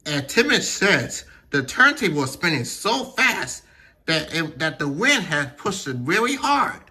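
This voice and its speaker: A man's voice: on the high side, sing-song, a little slow, bright, forceful tone, slightly rough. A man narrating a toy train story in a plain, rambling way with slips.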